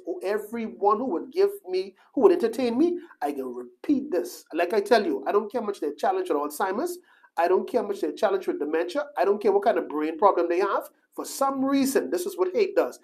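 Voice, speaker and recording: A male pastor preaching a sermon with passion, swinging from hushed prayer to loud shouting, and reading scripture aloud. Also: fairly high pitch. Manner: reads scripture aloud in King James wording.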